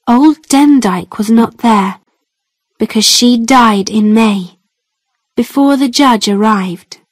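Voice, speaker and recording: Slow, careful woman storybook narrator. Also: fairly high pitch, dry recording. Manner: plain, careful, clearly spaced phrasing. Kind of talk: slow scripted storybook narration for English learners.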